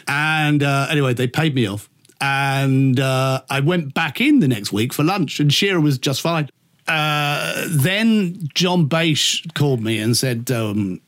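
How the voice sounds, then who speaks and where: A man's voice: on the high side, expressive, moderate pace, a bit bright. A middle-aged man with a Liverpool accent, a radio presenter being interviewed, camp and flamboyant, swearing freely as he tells stories. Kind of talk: anecdotal interview chat.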